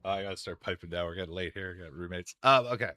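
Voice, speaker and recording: A man's voice: low-pitched, very fast, pushed and bright, no echo. A young man chatting casually while he streams a game, rambling and swearing, laughing often between thoughts. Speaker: gaming streamer. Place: home room.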